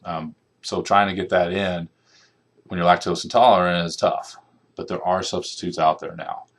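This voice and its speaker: Deep-voiced man giving a casual lecture. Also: fairly even intonation, normal speed. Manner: conversational, checks in with "okay" and "right". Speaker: nutrition lecturer. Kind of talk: classroom lecture.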